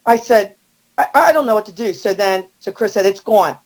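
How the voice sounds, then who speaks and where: A middle-aged woman telling a story as a podcast guest, animated and acting out the quotes. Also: normal speed, poor audio. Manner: animated, acts out quotes with rising pitch. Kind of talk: storytelling in casual chat.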